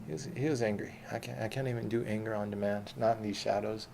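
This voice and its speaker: A man's voice: lowish voice, level tone, quick pace, creaky, background noise. A man telling a long personal story in a casual, rambling, profane way.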